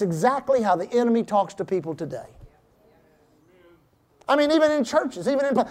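High-voiced preacher man, call-and-response. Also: big pitch swings, fairly quick. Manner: breaks into shouted exclamations; reads scripture aloud in old-fashioned wording. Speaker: pastor. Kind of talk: sermon.

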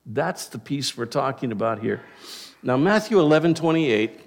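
A male pastor delivering a sermon in an unhurried, conversational way. His voice sits at an ordinary middle pitch, and he drifts into asides and restarts. He slows down to lean on the key words. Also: lively intonation, gravelly.

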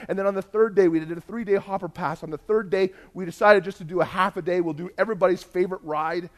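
A male pastor delivering a sermon with a slightly higher-than-usual voice. He tells stories in a soft, confiding way, then rises to loud, emphatic declarations. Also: fast talker, hardly any pauses. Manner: storytelling preacher, swings from hushed to emphatic.

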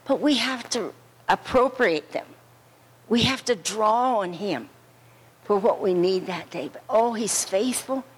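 Slow, earnest woman sharing a memorial testimony. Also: medium pitch, animated, slightly rough, low-quality recording. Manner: earnest, slow and repetitive storytelling. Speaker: friend giving a tribute. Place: memorial service.

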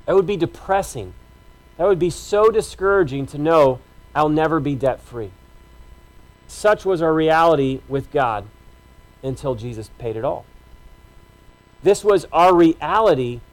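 A man with a notably high voice for a male speaker delivers a sermon from the pulpit. He talks to the congregation in a conversational, emphatic way, piling up short repeated phrases. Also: lively intonation, unhurried, long pauses, low-quality recording. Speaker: pastor.

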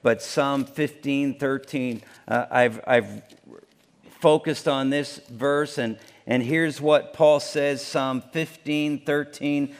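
A man pastor preaching a sermon, swinging between hushed, near-whispered lines and loud, emphatic ones. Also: mid-range voice, steady tone, takes it slowly, in a large hall.

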